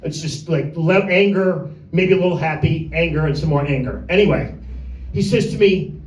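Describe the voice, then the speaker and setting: High-voiced crude stand-up man. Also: moderate pace. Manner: crude, rambling, teases audience members by name. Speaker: stand-up comedian. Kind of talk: stand-up set rehearsal. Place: small room with a tiny audience. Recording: echoey room, voice from far off.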